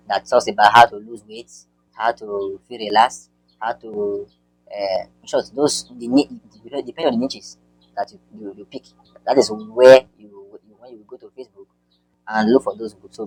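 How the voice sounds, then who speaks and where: A man walking viewers through an online marketing tutorial on screen, talking in a halting way with repeated words and many fillers. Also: lowish voice, steady tone, slightly rough, no room sound, poor audio.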